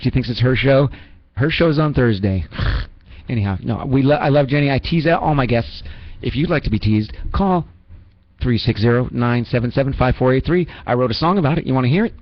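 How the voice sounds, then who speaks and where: A man's voice: medium pitch, no room sound. A man hosting a call-in radio show, rambling and teasing his callers with self-mocking jokes. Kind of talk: joking call-in radio banter. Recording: dull lo-fi radio recording with faint music.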